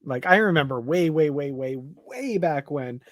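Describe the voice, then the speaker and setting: A man's voice: fairly high pitch, lively intonation, dry recording, clean studio sound. Chatty man co-hosting a live show. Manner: chatty, laughs often, halting with fillers. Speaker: podcast co-host. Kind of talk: casual live discussion.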